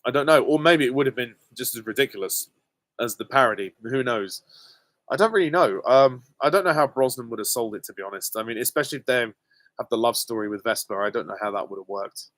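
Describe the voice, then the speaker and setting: A young man with a British accent reads out viewer questions and answers them in a casual, unhurried way. He hesitates often and sounds candid and a little self-deprecating. His voice sits at an ordinary middle pitch, and the sound is dry, with no room echo. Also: a bit bright. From Britain. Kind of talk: casual live Q and A.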